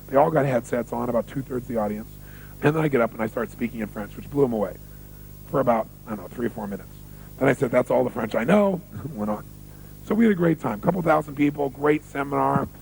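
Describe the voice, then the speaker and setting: Gravelly motivational seminar speaker, man. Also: mid-range voice, slight background noise, rough recording. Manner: animated storytelling with rhetorical questions.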